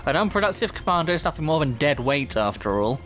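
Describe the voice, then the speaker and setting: A man's voice: on the high side, very animated, fast, a bit bright, voice pushed up. A man with a Manchester accent voicing a haughty, elegant female villain officer in a game, reading in a condescending, silky tone. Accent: Mancunian.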